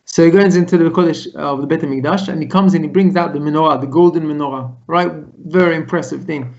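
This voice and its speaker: Animated rabbi telling a story over a call. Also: male voice, fairly high pitch, fast talker, vocal fry. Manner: animated retelling, voicing characters' lines. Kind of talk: storytelling Torah lesson. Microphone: video call. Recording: lo-fi video call audio.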